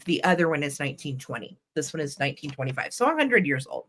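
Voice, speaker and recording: A woman's voice: deep voice, big pitch swings, quick pace, a bit bright. A woman hosting a live online vintage sale, talking in a chatty, enthusiastic way with plenty of ums as she shows items. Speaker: host and vintage seller. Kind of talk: live online sales show.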